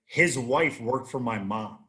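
A man's voice: medium pitch, expressive, slow, pushed and bright. A man in his thirties, a guest on a casual chat show, telling rambling, profane stories with many restarts. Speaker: podcast guest, army veteran.

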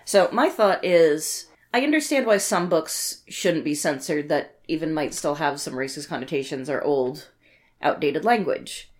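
A woman co-hosting a book podcast, speaking in a relaxed, thoughtful way with frequent "like" fillers. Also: low voice, measured pace. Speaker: podcast co-host. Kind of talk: casual chat.

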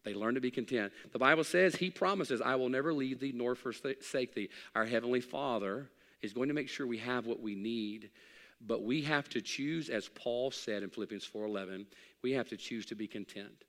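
A man's voice: mid-range voice, normal speed, fairly bright tone. Male pastor, folksy humorous sermon, emphatic build-ups, long church reverb. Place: church sanctuary.

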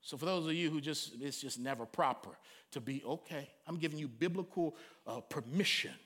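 A middle-aged man preaching a sermon in a colloquial, animated way, breaking into loud cries and acted-out quotes. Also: fairly high pitch, brisk. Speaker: pastor.

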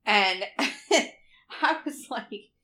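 A woman's voice: mid-range voice, lively intonation, very slow, pushed and bright. Chatty, candid middle-aged woman. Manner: chatty, candid, swears freely. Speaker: podcast co-host. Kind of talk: casual chat.

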